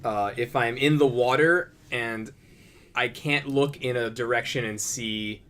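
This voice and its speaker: A man's voice: mid-range voice, a little slow, fairly bright tone. A man co-hosting a podcast, chatting casually and teasing the others. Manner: teasing, jokey. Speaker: podcast co-host. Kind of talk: casual chat.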